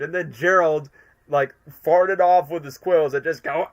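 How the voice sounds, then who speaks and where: A man's voice: on the high side, fairly even intonation, brisk, a bit bright. A young man chatting on a live stream, rambling enthusiastically with lots of fillers. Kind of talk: casual live-stream commentary.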